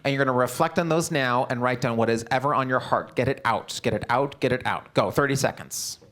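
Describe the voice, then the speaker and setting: A man leads a live business seminar in a direct, upbeat coaching manner. His voice sits in an ordinary middle pitch. He keeps checking in with the audience through short questions. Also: fairly bright tone. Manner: peppers talk with quick check-in questions to the audience. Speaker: real estate seminar presenter.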